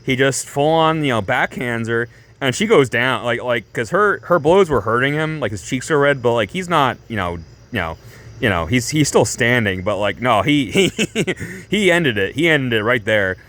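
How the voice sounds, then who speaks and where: A man of medium pitch tells a story to camera in a loose, rambling vlog style. He leans hard on fillers and restarts and stays animated throughout. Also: normal speed. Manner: animated, breaks into laughs. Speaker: vlogger.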